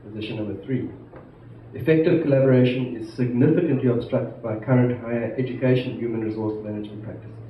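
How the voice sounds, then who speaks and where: A man's voice: mid-range voice, fairly even intonation. South african guy giving a formal speech at a conference, stresses words, muffled sound with faint hiss. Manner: measured, emphatic, stresses key words. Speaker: institute president giving a conference address. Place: large conference hall. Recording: echoey hall, distant mic, muffled, faint hiss.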